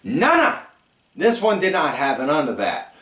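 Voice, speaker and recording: A man's voice: on the high side, moderate pace. Man rambling through an echoey recap. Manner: rambling, animated storytelling with lots of fillers. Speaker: podcast host. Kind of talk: casual wrestling recap. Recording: echoey room, far from mic.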